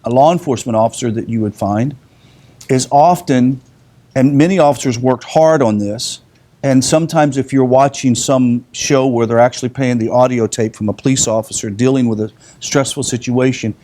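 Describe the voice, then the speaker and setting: A middle-aged man teaches a class in a loose, conversational way. His voice is warm and mellow, and his pitch sits in an ordinary middle range. He restarts his phrases often and fills the gaps with "uh" and "um.". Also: normal speed. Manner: relaxed, conversational teaching with frequent restarts and fillers. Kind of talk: recorded class lesson.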